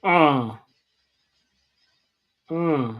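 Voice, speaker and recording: A man's voice: fairly high pitch, extremely slow, lo-fi sound. A man co-hosting a wrestling podcast, making his points emphatically and repeating words as he takes the floor. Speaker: podcast co-host. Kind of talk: casual chat.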